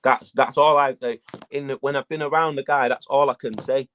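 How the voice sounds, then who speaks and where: A man, a battle rap guest talking casually in an interview, telling animated stories and swearing a lot. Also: medium pitch, fairly quick. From England. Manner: animated storytelling, heavy swearing.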